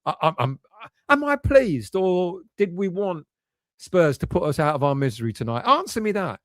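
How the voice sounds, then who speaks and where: A middle-aged man hosting a casual live stream, reading out chat and talking emotionally and excitably about his team's fate. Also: high voice, moderate pace, no room sound, studio quality. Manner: emotional, excitable, swings between nervous and resigned. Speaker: fan channel host reading chat.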